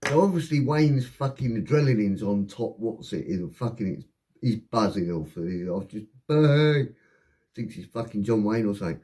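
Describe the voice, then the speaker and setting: A man telling a rambling, heavily sworn personal anecdote in a casual, animated way. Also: on the low side, moderate pace. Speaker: storyteller.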